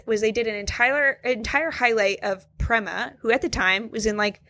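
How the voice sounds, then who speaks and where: A woman's voice: moderate pace, dry recording. Sarcastic young woman podcast co-host, dry sound. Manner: animated, sarcastic, mimics voices with sudden high pitch jumps. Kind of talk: casual chat.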